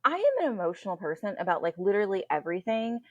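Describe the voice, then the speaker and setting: A woman hosting a podcast from home over a computer call, telling stories in a candid, animated way and swearing freely. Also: mid-range voice, racing, dry recording, dull audio. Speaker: podcast host. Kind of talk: casual chat. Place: home, indoors. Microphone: computer mic on a video call.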